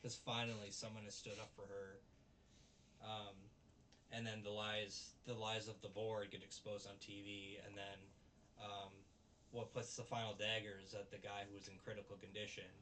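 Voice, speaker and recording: A man with a fairly low voice excitedly recaps an anime in a loose, rambling way and sometimes bursts into goofy voices for the characters. He sounds set back from the mic, with a faint hiss of room noise behind him. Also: normal speed, distant mic. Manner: enthusiastic, rambling, acts out quotes in goofy voices. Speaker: anime reviewer. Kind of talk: casual spoken review recap.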